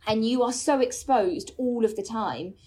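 A woman comedian on a podcast, her voice sitting a touch high. She tells a story in a lively, chatty way, stacks up fillers and restarts, and drops in the odd swear word. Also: unhurried, breathy edge. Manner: animated storyteller, lots of fillers, frequent swearing. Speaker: guest comedian. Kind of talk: casual podcast chat, anecdote telling.

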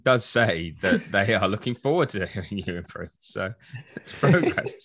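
A man's voice: lowish voice, expressive, normal speed, noisy background. A man co-hosting a podcast in casual chat, reading out listener reviews with wry asides. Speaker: podcast co-host.

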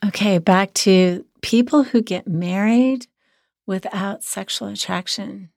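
A hoarse woman co-hosting a podcast as a sex therapist, talking in an earnest, reflective way. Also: medium pitch, slow, darkish tone, dry recording, clean studio sound. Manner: earnest, reflective, many restarts. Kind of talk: casual podcast chat.

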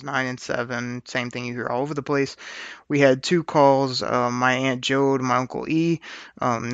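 A man hosts his podcast in an easygoing, rambling chat, often breaking into laughs. His voice is bright and gravelly, and it sounds dry and a little dull. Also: medium pitch, no room sound. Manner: chatty, laughing, rambling with fillers. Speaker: podcast host. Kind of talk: casual chat.

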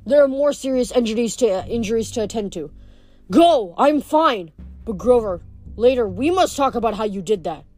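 A woman's voice: a little high, animated, normal speed, warm tone, no room sound, soft background music, natural voice. A woman doing a wounded old centaur mentor. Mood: pained. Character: wise old male centaur teacher, injured.

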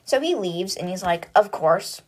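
A woman's voice: medium pitch, expressive, normal speed, a little mellow. Chatty woman recapping a book. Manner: chatty retelling with lots of "like" and paraphrase. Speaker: book podcast host. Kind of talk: casual chapter recap.

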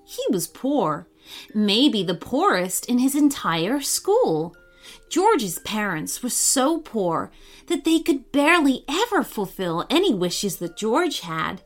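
A woman hosting and narrating a children's story in an expressive, animated read-aloud manner. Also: a little high. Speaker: host and storyteller.

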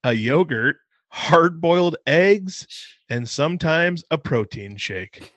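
A man's voice: on the high side, animated, slow pace, a bit bright, dry recording. A man co-hosting a casual podcast, reading a news story aloud with laughing asides. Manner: reads out articles with laughing asides. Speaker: podcast co-host.

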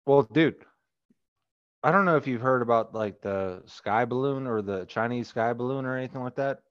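A man's voice: mid-range voice, moderate pace, clear, resonant tone, no room sound. A man on a podcast, rambling through casual comedic chat with lots of "like" fillers. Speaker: podcast co-host. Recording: dull lo-fi dry sound.

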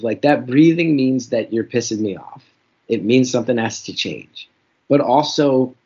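A man's voice: mid-range voice, a little mellow. A man, a comedian guest telling frank, reflective, self-deprecating stories in an interview. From New Jersey. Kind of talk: candid interview storytelling. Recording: dull lo-fi recording.

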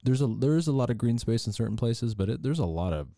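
A man's voice: mid-range voice, expressive, quick pace, dark tone, no echo, studio quality. A man from the American South telling a rambling, profane story on a podcast, slipping into the voices of the people he met. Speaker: podcast guest. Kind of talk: casual storytelling.

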